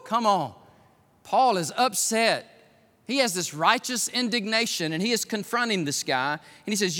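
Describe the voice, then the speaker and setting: A man preaching to his congregation, his voice pitched high and bright. He swings from loud, driving exhortation to hushed, pointed emphasis. The sound carries a long reverb off the church hall. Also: expressive, a little slow. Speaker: pastor. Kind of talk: sermon. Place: church sanctuary.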